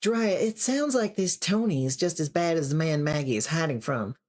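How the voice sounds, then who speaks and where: A reader voicing a calm, motherly older woman who speaks gently and coaxingly. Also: mid-range voice, moderate pace, pitched above the performer's own voice, lightly acted. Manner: gentle, coaxing, calls people darling.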